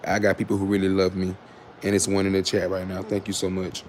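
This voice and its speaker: A man's voice: sits low, completely flat delivery, fast, slight background noise. A man hosting his own livestream, talking casually and candidly to his chat, rambling with fillers and restarts, sarcastic, sometimes scolding commenters. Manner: switches to loud scolding of commenters. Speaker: livestream host.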